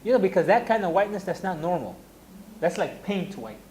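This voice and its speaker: Animated man telling classroom stories. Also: sits high, fairly quick, a little hiss or hum. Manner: anecdotal, animated, laughing asides. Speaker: religious teacher. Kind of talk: casual classroom lecture.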